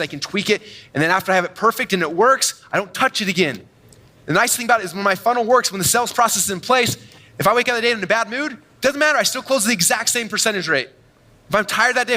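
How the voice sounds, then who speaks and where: Fast, bright-voiced man giving a keynote. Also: sits high. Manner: energetic, boastful storytelling with quick asides. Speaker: conference speaker. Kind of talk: live keynote talk to a large audience. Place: large event hall on stage.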